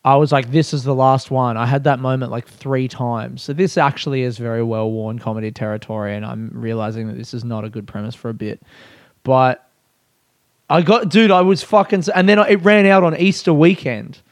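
A man's voice: mid-range voice, fairly quick, dry recording. A young Australian man doing a rambling, profane, self-mocking comic monologue in casual chat. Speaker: comedian.

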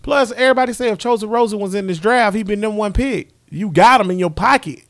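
A man's voice: sits high, fast talker, fairly bright tone, no echo. A man hosting a casual sports chat, brash and teasing as he trash-talks. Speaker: podcast host.

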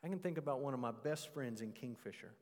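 A preacher delivers his sermon with lively emphasis, leaning on key words and drawing them out. His voice sits at an ordinary middle pitch for a man. The sanctuary adds a long, ringing reverb behind him. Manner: animated, emphatic preaching with drawn-out stressed words. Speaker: pastor.

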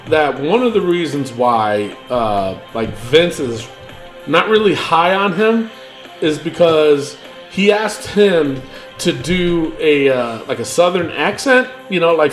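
A man hosting a casual podcast with a high, lively voice that swoops around as he rants and swears freely. Faint music plays under the talk. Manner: animated, rambling, swears freely. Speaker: podcast host. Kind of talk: casual wrestling chat.

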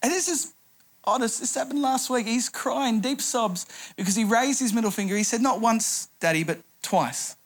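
A man's voice: very high-pitched, moderate pace. A middle-aged man preaching a sermon, telling a humorous anecdote as a pastor.

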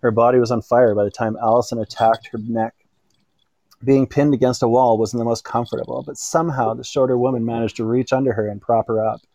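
Mellow male narrator reading an erotic story. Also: medium pitch, flat delivery, no room sound. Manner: unhurried reading with small slips and self-corrections.

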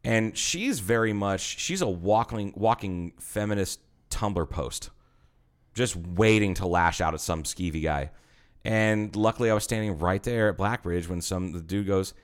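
Man in his thirties, low voice, casual podcast host, animated profane storyteller. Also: measured pace. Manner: animated storyteller, swears a lot, acts out quotes.

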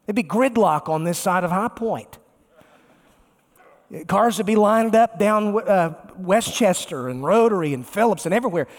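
A pastor, a man, preaching a sermon emphatically and slowing down to stress key words. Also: sits high, animated. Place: large church sanctuary. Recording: long reverb of a large church.

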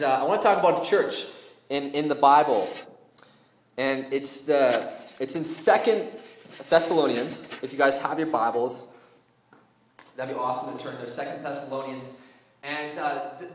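A man giving an informal, joking sermon to young people as a youth pastor, in a lively conversational way. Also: fairly high pitch, distant mic. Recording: very echoey room.

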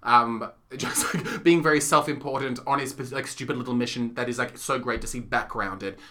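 A man's voice: medium pitch, moderate pace. A man co-hosting a casual podcast, chatty and giggly as he tells stories about theatre shows. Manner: chatty storyteller, giggly, lively. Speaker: podcast co-host. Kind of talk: casual chat reviewing theatre.

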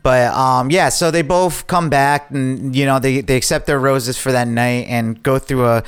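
A man's voice: medium pitch, fairly even intonation, moderate pace, clean tone. A man co-hosting a casual chat, speaking hesitantly with restarts and frequent agreement. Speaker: podcast co-host. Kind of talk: casual chat recapping a reality show.

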